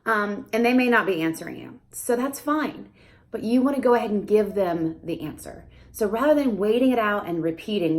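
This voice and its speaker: A young adult woman, a speech therapist, explaining casually to camera and breaking into high sing-song questions as if to a toddler. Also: animated, moderate pace.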